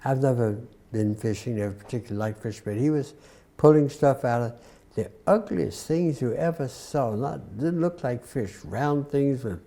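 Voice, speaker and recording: A man in his nineties with a Southern US accent, being interviewed and telling an unhurried story with dry humor. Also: medium pitch, vocal fry, mellow. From Atlanta, US South. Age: 90s. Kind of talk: recounting a war memory.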